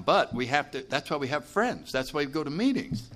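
A man speaking live to a recovery meeting audience, plainspoken and animated, often checking that listeners follow him. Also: fairly high pitch, brisk. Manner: animated, acts out what people say.

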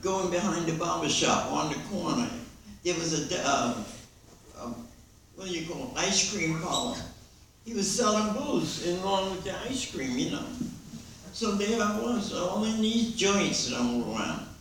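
A woman's voice: fairly low pitch, unhurried, a little hiss or hum. Older woman telling her story in an echoey hall. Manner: lively storyteller who acts out dialogue and laughs along. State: hard of hearing. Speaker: recovery meeting speaker. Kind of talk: personal testimony to an audience. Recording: echoey hall recording from far off.

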